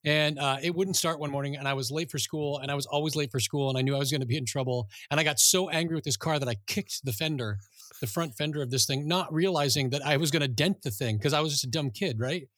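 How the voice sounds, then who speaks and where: A middle-aged man co-hosting a podcast, telling stories in a chatty, animated way. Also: on the high side, quick pace, no room sound, clean studio sound. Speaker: podcast co-host. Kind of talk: casual chat, storytelling.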